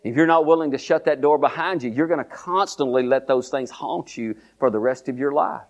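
A man's voice: mid-range voice, brisk. An older man, preaching a sermon as pastor, repeating lines and calling the congregation to say them with him, often restarting his sentences. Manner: repetitive call-and-response preaching with many restarts.

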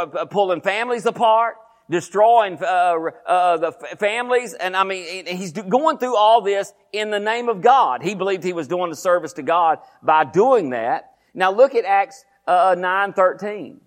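Male preacher, slightly higher pitch; rapid, emphatic delivery that circles back on its phrases. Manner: fast-talking, emphatic, repeats phrases. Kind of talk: sermon.

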